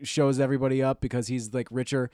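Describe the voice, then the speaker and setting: A man's voice: medium pitch, level tone, fast talker, mellow, no echo. A man co-hosting a casual movie review chat, blunt and swearing, often restarting his sentences. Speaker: podcast co-host.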